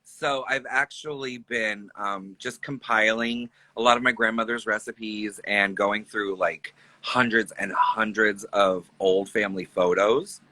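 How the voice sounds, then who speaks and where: Guy in his 30s doing a drag livestream, super bright voice, dry close sound, jokey. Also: fairly low pitch, fairly even intonation, measured pace, hardly any pauses, no echo, rough recording. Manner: chatty, joking, laughs often. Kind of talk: casual livestream chat.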